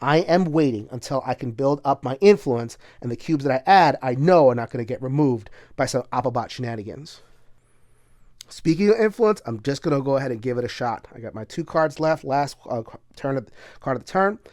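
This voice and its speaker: A man's voice: mid-range voice, animated, fairly quick, a little mellow, no echo, studio quality. A man casually talking through a solo board game, chatty and full of filler words, bursting into laughter now and then. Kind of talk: casual solo playthrough commentary.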